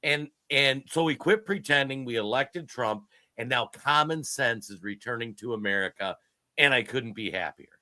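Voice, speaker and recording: A fifty-year-old man co-hosting a political podcast with a bright, forceful voice. He talks in an excitable, joking and emphatic way, and the sound is close and dry. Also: mid-range voice, normal speed, no echo. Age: 50s. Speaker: podcast co-host. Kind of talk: casual political podcast chat.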